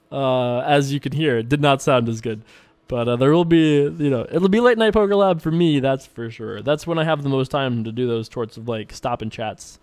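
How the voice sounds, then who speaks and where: A man casually commenting on his own online poker play as host, rambling and relaxed with frequent filler words. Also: a little high, no room sound. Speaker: poker player and show host.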